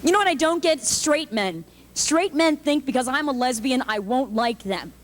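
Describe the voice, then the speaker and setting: A woman's voice: sits high, animated, moderate pace. A woman doing a punchy stand-up comedy set on a live club stage, jumping into character voices.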